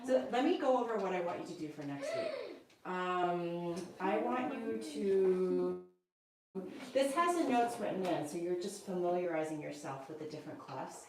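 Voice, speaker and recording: A woman's voice: fairly low pitch, very animated, normal speed, very echoey, distant mic, poor audio. A woman piano teacher giving a one-on-one lesson, patiently explaining step by step and checking that her student understands. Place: indoor room with a piano.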